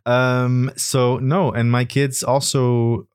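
A man's voice: medium pitch, flat delivery, slow pace, clean tone. A middle-aged man talking as a podcast guest, making dry self-mocking jokes between hesitant ums and uhs. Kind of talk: casual chat. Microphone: studio mic.

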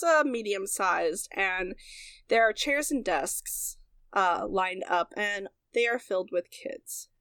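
Woman GM, easygoing halting narration, dry sound. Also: mid-range voice, dry recording. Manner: relaxed, unhurried narration with hesitations. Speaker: game master. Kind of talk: narrating a tabletop game.

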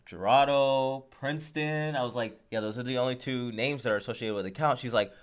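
A man's voice: mid-range voice, a little fast, clear, resonant tone. A man hosting a podcast, telling a story in casual chat and acting out phone calls, laughing often. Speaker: podcast host.

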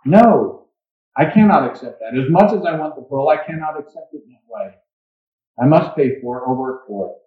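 A man's voice: a little high, lively intonation, normal speed, close to an everyday voice. A man reading a humble, eager missionary's lines in a pleading, slightly raised voice. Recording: dull echoey church recording.

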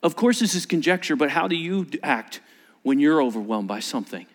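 A man preaches a sermon with an animated delivery. His voice sits a little high and swings widely in pitch. He acts out the quotes in changing voices. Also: brisk. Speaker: pastor.

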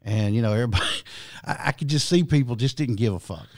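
Hosting a podcast, a man with an expressive, darkish, medium-pitched voice rambles through a long story at a quick pace. He swears freely and restarts often in this casual storytelling.

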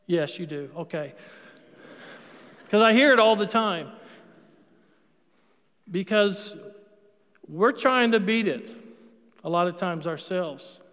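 A man's voice: high-pitched, fairly bright tone, in a large hall. A man preaching a sermon as a Catholic priest, talking conversationally and putting questions to the congregation before answering them. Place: church.

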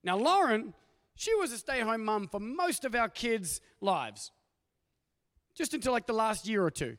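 A middle-aged man preaches from the stage, his voice sitting high for a man. He tells his stories in an animated way, acting out the people in them. A long reverb trails each phrase through the church hall. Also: a little slow. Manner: animated storytelling with acted-out voices. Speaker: pastor. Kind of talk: sermon. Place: church auditorium.

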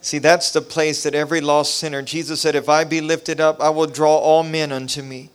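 A man's voice: fairly high pitch, level tone, fairly quick, clear, resonant tone. A man preaching a revival sermon, telling his own testimony with impassioned, repetitive preacherly cadence. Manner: impassioned, rising to near shouting. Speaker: pastor.

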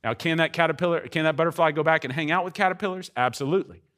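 A man preaching a sermon as pastor, emphatic, with wide swings between quiet and loud. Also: on the high side, very fast.

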